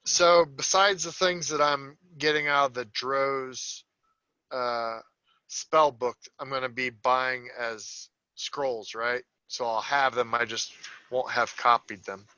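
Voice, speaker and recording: A male tabletop player with a bright, smooth, crisp voice, answering briskly with short replies. The recording is dry and somewhat dull, like lo-fi sound. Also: medium pitch, steady tone, no echo. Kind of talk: casual tabletop game chat.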